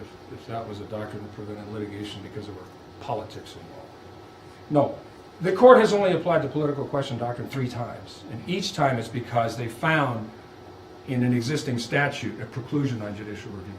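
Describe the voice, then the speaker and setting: A man's voice: mid-range voice, expressive, fairly quick, background noise. A man giving a lunchtime law lecture, emphatic and full of rhetorical questions. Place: lecture room. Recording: echoey room, far from mic.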